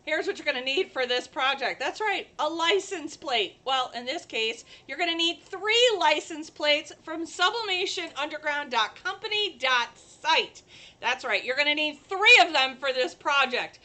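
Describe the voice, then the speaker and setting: A woman's voice: high-pitched, animated, measured pace, sharp tone. A woman hosting a chatty live crafting stream, bubbly and talking straight to her viewers.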